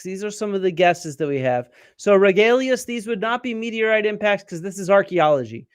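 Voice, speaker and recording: A man's voice: sits high, clear, resonant tone, no room sound, clean studio sound. A man hosting a live-streamed archaeology lecture, explaining step by step, quizzing viewers and answering their comments. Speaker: archaeologist host.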